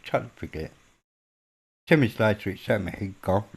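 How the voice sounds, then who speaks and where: A livestream host from northern England, speaking with a fairly low, fairly quick voice that has a breathy edge. He rambles through a casual late-night chat with his viewers, full of British slang.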